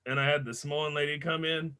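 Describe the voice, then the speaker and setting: Animated, bright-voiced man hosting comedy. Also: fairly high pitch, fast, smooth. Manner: loud, animated storytelling with swearing and big voices for characters. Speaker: comedy show host.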